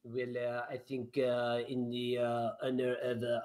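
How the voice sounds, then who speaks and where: A man's voice: medium pitch, unhurried, few pauses. A man co-hosting a sports radio show, joking with dry wit. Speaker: radio co-host.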